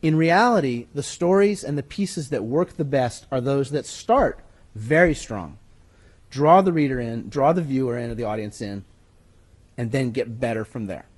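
A man's voice: mid-range voice, expressive, moderate pace. A man teaching a writing workshop. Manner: conversational teaching, emphatic, with handout references. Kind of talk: workshop lecture. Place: room with an audience. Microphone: moves away from the mic at times.

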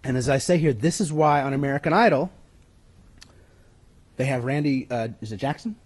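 A man's voice: mid-range voice, animated, brisk, slightly rough. A man giving a conversational, emphatic writing-workshop lecture to an audience in a room, sometimes stepping away from the mic. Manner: conversational teaching, emphatic, with handout references. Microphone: moves away from the mic at times.

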